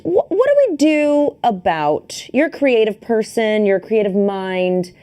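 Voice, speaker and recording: Playful woman podcast co-host, animated voice. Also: mid-range voice, unhurried. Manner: playful, laughing often. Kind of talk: casual chat.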